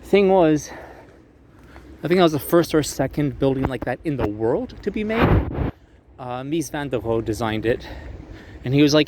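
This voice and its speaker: A young man talks his way through a city walking tour, swearing casually and cracking jokes. He drops into mocking put-on voices whenever he quotes historical figures. His voice sits at a middling pitch, and faint street traffic hums behind him outdoors. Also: animated, moderate pace, pauses often. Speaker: tour guide vlogger.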